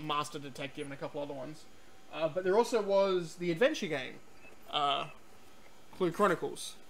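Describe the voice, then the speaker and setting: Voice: mid-range voice, slight background noise. A game streamer giving rambling, chatty let's-play commentary, full of ums and restarts, sometimes reading on-screen text aloud.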